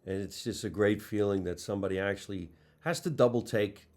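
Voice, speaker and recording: A man's voice: on the low side, brisk, darkish tone. A man hosting a live talk show, asking loose, chatty questions with plenty of fillers. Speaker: host. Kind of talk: casual live-show interview.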